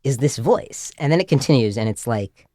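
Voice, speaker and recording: In a casual storytelling chat, a podcast co-host spins a tale about himself with animated, self-deprecating humor. His pitch is medium and his speed normal, captured in studio quality with no echo.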